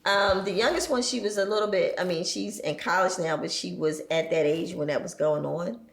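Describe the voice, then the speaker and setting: Laughing frequently, this podcast guest in her forties tells stories in casual conversation and does her children's voices. She speaks at a moderate pace in a lowish, creaky voice, and the recording sounds roomy.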